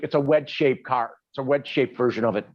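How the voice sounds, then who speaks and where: A man's voice: mid-range voice, brisk, dry recording. Hesitant man on a dull line. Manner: hesitant, restarts often. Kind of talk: casual group chat.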